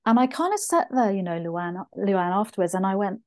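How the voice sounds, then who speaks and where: A middle-aged woman tells her own story as an interview guest, earnest and reflective, sometimes acting out her past thoughts. Her voice is dark and mellow, and the recording sounds dry and close. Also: mid-range voice, lively intonation, moderate pace, few pauses, dry recording.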